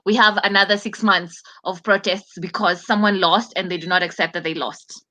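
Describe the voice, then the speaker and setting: A woman chatting as a panelist in casual commentary, animated and often restarting her words, from outside the US. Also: mid-range voice, moderate pace.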